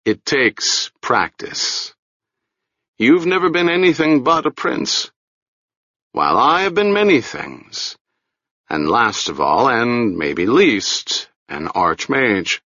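Man reading unhurried wry old-world wizard, dry and patient, bright tone, muffled dry sound. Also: medium pitch, sing-song, no room sound, full character voice. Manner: dry, easygoing, gently teasing. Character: calm, wry male wizard, middle-aged, patient.

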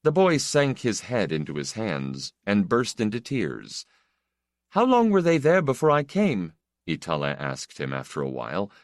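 A male narrator reads an audiobook in a measured, steady way. His voice is very deep and moves widely in pitch. The recording is dry and close. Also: no room sound. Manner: measured, even storytelling.

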